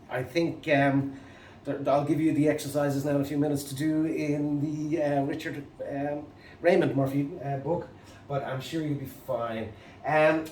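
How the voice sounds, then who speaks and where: A man with an Irish accent, teaching an English grammar lesson to camera, halting and full of fillers and restarts. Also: on the high side, darkish tone, a little hiss or hum. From Ireland. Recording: echoey room, mic at a distance.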